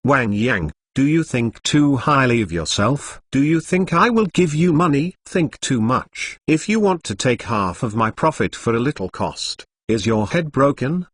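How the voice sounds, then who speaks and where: Guy reading as a cocky young merchant lord, blunt and scornful, lively voice, dry sound. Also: medium pitch, a little slow, hardly any pauses, no echo. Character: arrogant sharp-tongued young male merchant lord.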